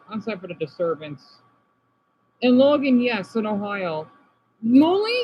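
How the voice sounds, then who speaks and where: High-voiced man chatting with his live chat. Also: a little slow, pauses often, dull audio, a little hiss or hum. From Arizona, US. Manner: chatty, reacts aloud to comments, swings between subdued and excited. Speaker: streamer reading live chat. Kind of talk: casual live-stream chat.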